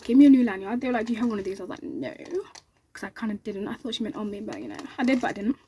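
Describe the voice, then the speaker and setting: Fast-talking young woman with a husky voice. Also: medium pitch. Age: young adult. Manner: rapid, excitable, acts out others' lines. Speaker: vlogger. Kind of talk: casual storytelling to camera.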